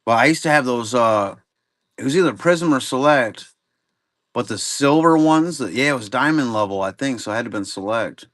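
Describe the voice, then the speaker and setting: A man with a medium-pitched, slightly bright voice hosts a live card-break stream at a normal speed. He sounds expressive, chatting and rambling in a laid-back way, with some swearing mixed in.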